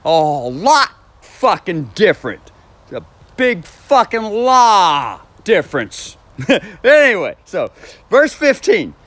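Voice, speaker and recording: Male, very high voice with a wide swing; slow, profane, emphatic solo monologue full of repeated phrases. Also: huge pitch swings, a bit bright, no room sound. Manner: stresses single words, plays with inflection.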